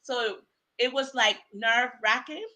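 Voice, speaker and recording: A woman from Bermuda, a podcast guest, telling lively stories in casual chat over a video call and laughing often. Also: fairly high pitch, measured pace.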